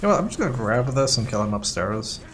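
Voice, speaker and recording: A man's voice: medium pitch, very animated, quick pace, a bit bright, faint music behind. A man playing a co-op video game, chatting casually, joking, laughing often and swearing offhandedly. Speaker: gamer playing co-op. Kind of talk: casual gaming chat.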